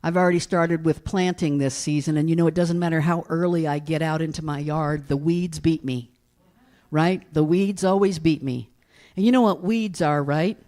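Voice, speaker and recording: A woman's voice: low-pitched, fairly even intonation, normal speed, mellow. A middle-aged woman pastor from East Tennessee giving a folksy, storytelling sermon and often asking her congregation "right?".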